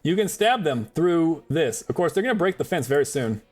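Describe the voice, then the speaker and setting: A male game streamer chatting through his play in a joking, profane, rambling way. His slightly high voice bounces around a lot in pitch as he talks. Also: very animated, brisk, faint music behind. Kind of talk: casual gaming commentary.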